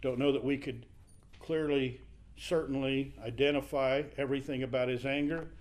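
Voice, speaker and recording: A man's voice: medium pitch, fairly even intonation, normal speed, darkish tone. A man teaching a Bible passage in a conversational sermon, acting out the quoted speakers as he goes.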